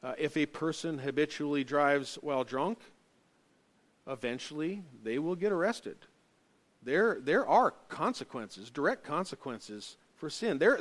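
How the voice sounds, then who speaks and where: A middle-aged male pastor delivers a sermon in a somewhat raised voice. He presses his key points hard and loud, then drops into hushed, low asides. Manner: emphatic, rising and dropping between loud stresses and quiet asides.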